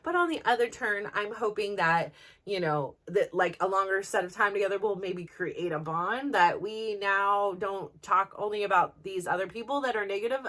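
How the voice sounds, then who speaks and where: A woman's voice: medium pitch, normal speed, a bit bright. A woman in her forties, hosting a podcast, venting in a rambling personal monologue full of fillers. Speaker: podcast host.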